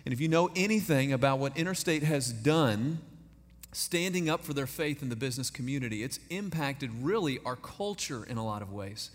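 A man in his thirties from East Texas, with a Texan accent and a medium-pitched, expressive voice at normal speed, preaches as a guest in a large church sanctuary. His storytelling sermon is full of folksy, self-deprecating humor, and the recording carries echoey church-hall reverb.

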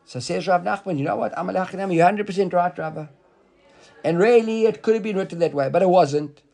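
A man teaching a Talmud study class, explaining the text lively and acting out the rabbis' words while quizzing a student. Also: high voice, fast, gravelly.

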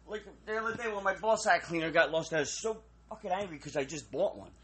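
A man hosts a casual podcast, teasing and joking with a laugh never far off. His voice is high and swings widely in pitch. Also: animated, quick pace, sharp tone. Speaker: podcast host. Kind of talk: casual chat.

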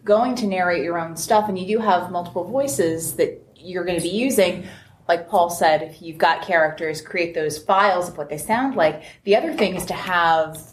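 A woman speaking on a convention panel, telling lively stories and acting out the dialogue she quotes. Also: fairly low pitch, moderate pace. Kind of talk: panel discussion, anecdotal and animated. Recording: roomy convention room with faint noise.

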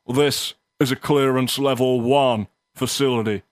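A man voicing a smug male secret agent who speaks gravely and self-importantly. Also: mid-range voice, steady tone, a little slow, dry recording, clean studio sound, close to an everyday voice. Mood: solemn.

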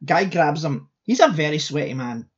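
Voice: mid-range voice, big pitch swings, normal speed, breathy edge, highs cut off. A podcast co-host chatting casually about a film, wry and blunt, swearing offhandedly. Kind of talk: casual chat.

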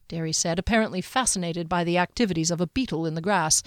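A woman narrating a fantasy audiobook in a measured, even storytelling manner. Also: lowish voice, dry recording, clean studio sound.

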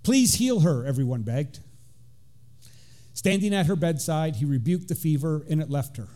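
Mellow-voiced deacon giving a casual sermon. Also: male voice, a little high, lively intonation, normal speed. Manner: conversational, with frequent fillers and restarts. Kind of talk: informal sermon with scripture reading.

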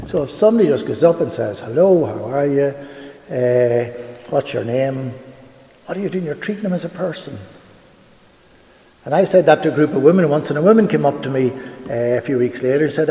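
Guy giving a talk, earnest, lots of rhetorical questions, mellow voice, roomy echo. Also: fairly high pitch. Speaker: homeless charity director giving a talk. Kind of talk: public talk with anecdotes. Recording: echoey hall with long reverb.

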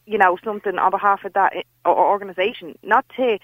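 A woman's voice: medium pitch, quick pace, no echo, narrow, tinny audio. A woman co-hosting a radio show, talking bluntly and arguing her point. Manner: blunt, argumentative. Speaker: radio co-host. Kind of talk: casual radio chat.

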